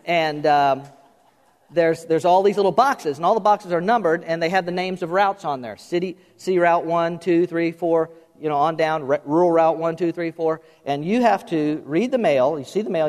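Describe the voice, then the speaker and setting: A man's voice: fairly high pitch, fairly quick, darkish tone. A middle-aged man preaching a sermon as pastor, talking conversationally and directly to his congregation in a church. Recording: long hall reverb.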